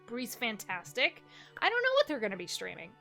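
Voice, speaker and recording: A woman streamer closing out a stream in casual chat, excitable and laughing often, swearing casually. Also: fairly high pitch, brisk, creaky, over loud music. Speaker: streamer and game master.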